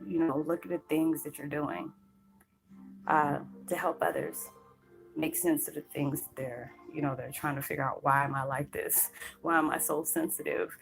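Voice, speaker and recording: A woman's voice: low-pitched, poor audio. A woman vlogger talking earnestly about her spiritual path, rambling with many fillers and close to tears. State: choked up, near tears. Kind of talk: emotional personal talk to camera. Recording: faint background music.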